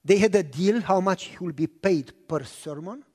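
A man preaching a sermon, telling stories and acting out the dialogue, clearing his throat often. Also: high voice, normal speed, darkish tone. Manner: anecdotal, acts out dialogue, frequent throat clearing. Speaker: pastor. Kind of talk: storytelling sermon. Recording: long reverb of a large hall.

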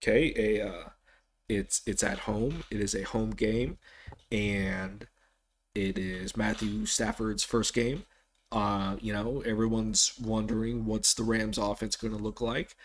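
A man hosting a casual solo sports podcast, rambling with frequent restarts and animated bursts of excitement. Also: fairly low pitch, measured pace, a little hiss or hum. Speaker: podcast host.

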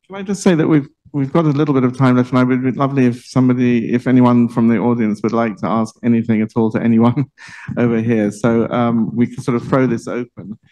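A man's voice: medium pitch, steady tone, fast talker, warm tone, low-quality recording. Chatty man hosting a panel. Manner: chatty, laughs often, restarts sentences. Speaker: event host. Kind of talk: panel moderation. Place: library event room.

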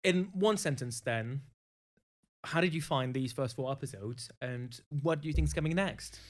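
A man hosting a podcast in casual chat, lively as he steers the talk and closes the show. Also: medium pitch, normal speed. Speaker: podcast host.

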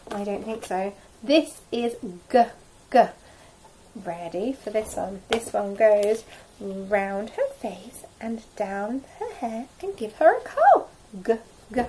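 A woman teaching a phonics lesson to nursery children, sounding out letters slowly in an exaggerated, encouraging way. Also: on the high side, lively intonation, dark tone, a little hiss or hum, poor audio. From England. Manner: drops to a whisper now and then.

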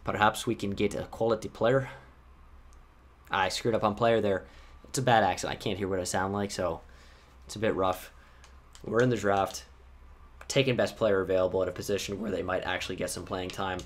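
A young man giving casual, chatty commentary while playing a football video game, reacting with quick bursts of swearing. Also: deep voice, fairly even intonation, slight background noise. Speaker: gaming YouTuber.

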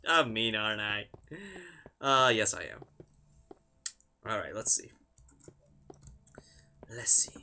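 A man's voice: lowish voice, slow pace, long pauses, pushed and bright, a little hiss or hum. Chatty young man commenting on a game. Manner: chatty, chanting repeated words under his breath. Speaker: gamer. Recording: music in background.

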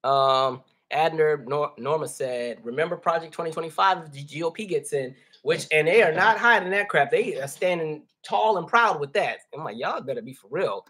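A man's voice: a little high, animated, moderate pace, few pauses, sharp tone, breathy edge. A man hosting a livestream, talking casually with his viewers and calling them y'all. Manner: conversational, addresses viewers as y'all. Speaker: livestream host reading chat. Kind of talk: casual chat.

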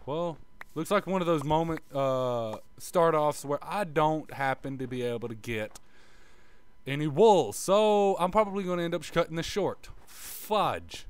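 A man's voice: a little high, animated, unhurried, clear, resonant tone. A man giving a casual gameplay tutorial, muttering and swearing as he plays and humming little sound effects like "bop bop" under his breath. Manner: offhand, self-mocking tone. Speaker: gaming video creator.

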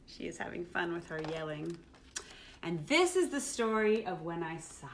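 Animated woman reading a picture book aloud to kids. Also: medium pitch, normal speed, a little hiss or hum. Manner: animated and playful, acting out feelings. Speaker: children's musician hosting a livestream. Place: at home, live streaming.

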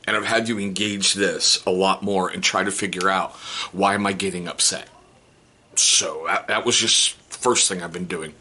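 Husky, bright-toned man in his forties. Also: fairly low pitch. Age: 40s. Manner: candid and joking, with teasing asides and repeated rhetorical questions. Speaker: vlogger. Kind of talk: casual self-help talk to camera.

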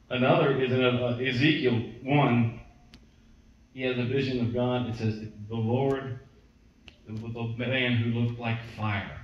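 A man's voice: mid-range voice, little pitch movement, moderate pace, a little hiss or hum. Man preaching in an echoey church. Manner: conversational storytelling, acts out quotes. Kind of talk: sermon teaching. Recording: distant mic, echoey church hall, dull.

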